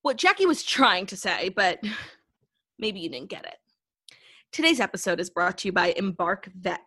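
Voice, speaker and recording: A woman's voice: mid-range voice, big pitch swings, normal speed, slightly rough. A woman co-hosting a podcast over a video call, chatting casually and reading a sponsor spot. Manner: chatty, reads ad copy brightly. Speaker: podcast co-host. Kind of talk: casual chat with a read sponsor ad.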